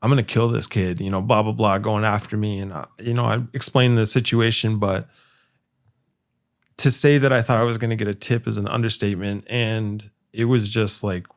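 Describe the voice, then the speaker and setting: A man's voice: lowish voice, steady tone, moderate pace. A man, a podcast host, telling a rowdy work story in casual, profane chat.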